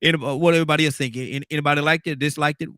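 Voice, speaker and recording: A man's voice: fairly high pitch, steady tone, very fast, pushed and bright, dry recording, studio quality. A man hosting a radio talk show, laid-back and teasing, often repeating himself. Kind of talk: casual radio panel chat.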